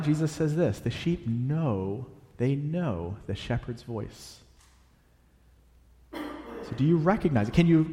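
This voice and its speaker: A man preaching a sermon, animated, swinging between loud emphasis and hushed, quiet passages. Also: mid-range voice. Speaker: pastor. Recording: long hall reverb.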